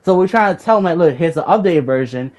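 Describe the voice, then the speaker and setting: Fast and animated, a young man vents about a clash with a fellow raid member, cursing freely and circling back over the same points when riled. His voice sits a little high with a darkish tone.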